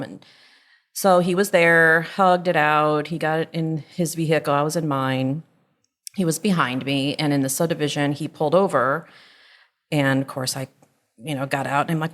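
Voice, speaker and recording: A middle-aged woman with a notably low, deep voice, telling a long story on a podcast. She rambles and animates the retelling, chatting casually with her co-host. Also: fairly even intonation, normal speed.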